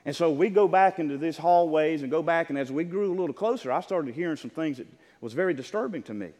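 A man's voice: on the high side, expressive, fast, a little mellow. An older man, a pastor, preaching a sermon to his congregation in an earnest storytelling way, often restarting his words. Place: church sanctuary. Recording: long hall reverb.

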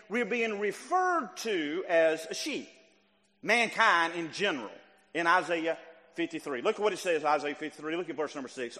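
A high-voiced man preaching a sermon, his voice swinging widely as he climbs to near shouts and then drops low. His words ring out with a long reverb through a church hall. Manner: animated, rising to near shouts and dropping low. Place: church sanctuary.

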